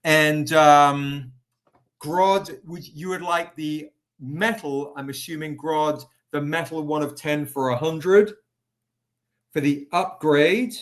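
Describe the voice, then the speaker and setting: A man's voice: a little high, fairly even intonation, slow pace, fairly bright tone. A man hosting a casual live stream, chatty and upbeat, greeting viewers by name while selling comic editions. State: recovering, tired.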